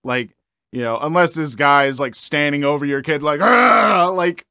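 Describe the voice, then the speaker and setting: A man's voice: on the high side, moderate pace, bright, forceful tone, clean tone, no echo, studio quality. A young man reading online stories aloud and chatting about them casually, with lots of fillers. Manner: casual, rambling, many fillers. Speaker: story reader and commentator.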